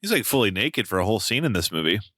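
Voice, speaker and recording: A man's voice: fairly low pitch, sing-song, rapid-fire, pushed and bright, dry recording, clean studio sound. A man co-hosting a casual film review podcast, talking with a wry, joking manner. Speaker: podcast co-host.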